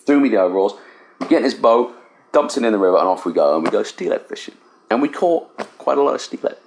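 A middle-aged English man, a fly casting instructor, telling an animated, self-deprecating story in a casual interview in a cabin. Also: fairly low pitch, fast talker, gravelly, a little hiss or hum. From England. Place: riverside cabin.

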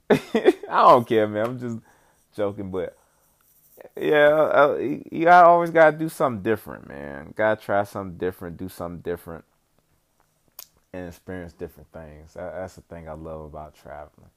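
A young man with a fairly low voice talks to camera in a loose, rambling vlog. He swears freely and fills gaps with slang and repeated "you know what I'm saying." The delivery stays laid-back and conversational. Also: animated, moderate pace. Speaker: vlogger giving life updates. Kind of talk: casual profane monologue.

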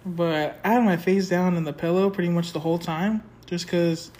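A man's voice: high-pitched, steady tone, moderate pace, darkish tone. A young man hosting a casual podcast late at night in a rented house. He sounds sleepy, rambles loosely and laughs often. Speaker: podcast host. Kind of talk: casual chat. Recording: noisy home recording.

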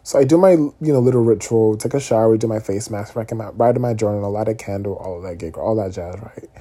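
A young man talking casually to his viewers, candid and animated, often checking in with "okay?" asides. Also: fairly low pitch, a little fast. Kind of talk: casual vlog monologue.

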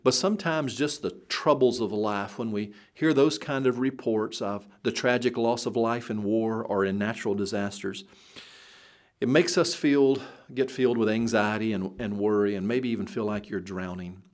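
A man preaching a sermon in an earnest voice that swells up and then drops low. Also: moderate pace.

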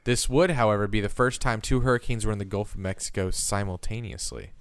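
A young man co-hosting a podcast, reading news aloud and then breaking off into crude jokes. His voice sits fairly low, and the sound is close and dry. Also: fairly quick, clean tone, dry recording. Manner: crude, joking, reads news stories aloud with asides. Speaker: podcast co-host.

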